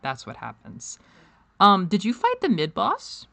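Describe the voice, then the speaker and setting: A woman's voice: medium pitch, huge pitch swings, a little slow, gravelly, crowd noise. A woman hosting a casual game stream, chatting animatedly and laughing often. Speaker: streamer host. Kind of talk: casual let's-play chat.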